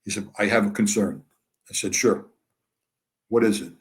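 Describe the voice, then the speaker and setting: An older American man, a guest in an interview, tells candid stories in a lowish voice at a moderate pace. He's animated, acting out both sides of conversations with dry humor.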